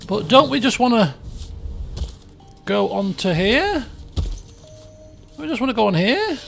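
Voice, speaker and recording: A man's voice: very high-pitched, sing-song, unhurried, gravelly, a bit bright, soft background music. A man chatting his way through a video game, thinking aloud and poking fun at himself. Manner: chatty, thinks aloud, jokey and self-mocking. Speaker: game streamer. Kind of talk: casual let's play commentary.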